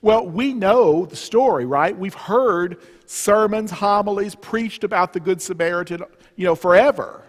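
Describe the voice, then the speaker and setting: A man's voice: high voice, a little slow. A man from the Southern US with a Southern accent, giving a humorous retreat talk and quizzing the audience. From Southern US, Memphis area. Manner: joking, conversational, engaging the audience with questions. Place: church. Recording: reverberant church hall.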